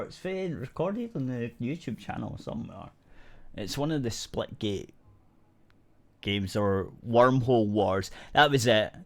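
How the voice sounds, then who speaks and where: A man with a mid-range voice co-hosts a podcast, telling a gaming story in loose, rambling chat. He restarts often and swears casually.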